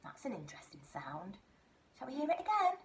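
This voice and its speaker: A woman teaching a phonics lesson to small children, talking in a slow, exaggerated, sing-song way. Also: high voice, wildly swooping pitch. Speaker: nursery teacher.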